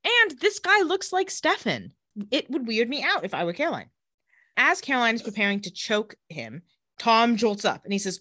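A woman co-hosts a podcast, chatting through a TV episode and dipping into lower voices for the characters' lines. Her voice is bright and animated, and the recording is dry and close. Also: moderate pace, dry recording. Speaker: podcast co-host recapping a TV episode. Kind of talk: casual chat with acted-out quotes.

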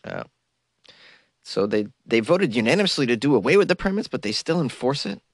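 A man's voice: medium pitch, big pitch swings, fairly quick, no room sound, studio quality. Wry man with a cold. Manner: wry, mocking asides between read-outs. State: has a cold. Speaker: host. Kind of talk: comic news commentary.

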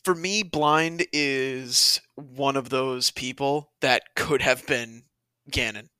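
Bright-voiced man in casual game chat. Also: mid-range voice, steady tone, slow pace, clean tone, no echo. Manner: laid-back, swears, short agreeing replies. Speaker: podcast co-host.

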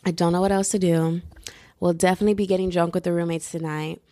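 A young woman hosts her own podcast from home and talks in a loose, bubbly, joking ramble full of slang. Her voice sits a little low for a woman. The sound is dry and close, with no room echo. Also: little pitch movement, fast talker, warm tone. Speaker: podcast host. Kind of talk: casual solo podcast chat. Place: indoors, at home.

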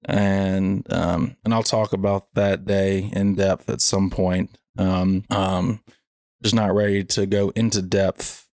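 Young male podcast host, low and even-toned, halting with many fillers, clean dry sound. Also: no room sound. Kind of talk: casual reflective chat.

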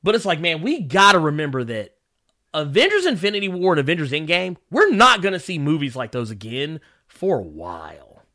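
A man in his thirties hosting a casual livestream. His bright, fairly high voice leaps up and down in pitch as he rants, swears freely and breaks into laughter. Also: a little fast. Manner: animated, ranting, profane, laughs often. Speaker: livestream host.

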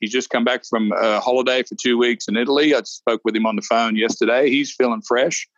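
A man co-hosting a casual golf preview chat, animated and rambling, often restarting his sentences. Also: mid-range voice, brisk, dry recording, lo-fi sound. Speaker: golf show co-host.

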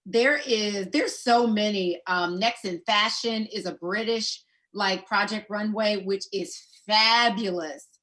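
A woman in casual chat, animated and stubborn, exclaiming often. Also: medium pitch, slow.

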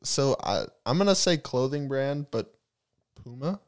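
A man's voice: mid-range voice, animated, a little slow. Brief: young male co-host, loose and chatty, filler-heavy speech. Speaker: podcast co-host. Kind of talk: casual podcast chat.

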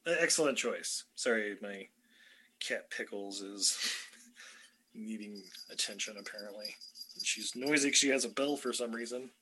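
A man's voice: fairly low pitch, a little slow, pushed and bright, a little hiss or hum. A man hosting a podcast in casual fan-casting chat, jokey and laughing often. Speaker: podcast host.

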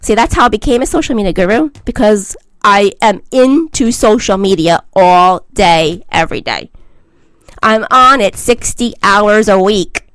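A woman's voice: medium pitch, unhurried, a bit bright, dry recording. A woman giving a blunt, emphatic vlog monologue as a social media commentator, lecturing her listeners.

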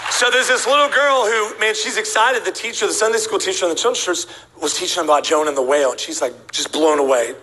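Bright, animated preacher man. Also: high voice, quick pace, slight background noise, rough recording. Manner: animated, acts out voices of people in his stories. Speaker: guest preacher. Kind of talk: humorous sermon storytelling. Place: church sanctuary before a congregation.

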